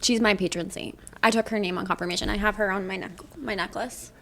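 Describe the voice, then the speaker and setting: A woman's voice: medium pitch, steady tone, fairly quick, vocal fry, fairly bright tone. A woman co-hosting a podcast, musing in casual chat with trailing phrases. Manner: musing, trailing phrases with frequent "you know". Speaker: podcast co-host.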